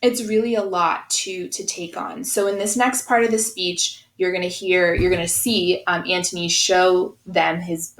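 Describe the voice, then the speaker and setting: A woman's voice: on the low side, level tone, measured pace, hardly any pauses, a bit bright, echoey room, low-quality recording. Woman teacher explaining to her class. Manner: explanatory, checking in with students. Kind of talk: recorded class lesson.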